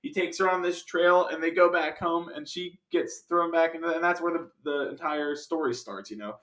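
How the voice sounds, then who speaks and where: A man's voice: a little high, normal speed, a bit bright, reverberant. A man giving a casual, jokey film review full of sidetracked asides.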